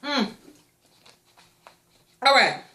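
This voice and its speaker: A woman's voice: high voice, very animated, extremely slow, sharp tone. Profane, rambling woman vlogger, echoey room. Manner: profane, blunt gossip commentary; long-winded, rambling. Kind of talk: casual chat.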